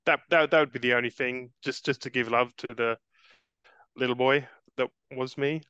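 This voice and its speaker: Interview guest, man, 40s, earnest, stumbles over words, bright and crisp, slightly lo-fi. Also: medium pitch, fairly even intonation, normal speed, no echo. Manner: earnest, repeats words and restarts often, calls the host mate. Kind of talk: casual interview chat.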